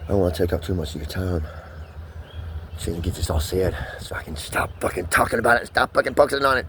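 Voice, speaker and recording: A man's voice: deep voice, lively intonation, a bit bright, a little hiss or hum. A man talking to the camera in a rambling vlog monologue, pressured and profane, swearing in nearly every sentence. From United States. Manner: pressured, rapid, swearing constantly. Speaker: vlogger.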